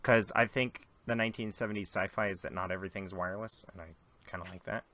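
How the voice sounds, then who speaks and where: A man narrating as game master of a tabletop role-playing game, animated with quick asides. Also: fairly low pitch, noisy background.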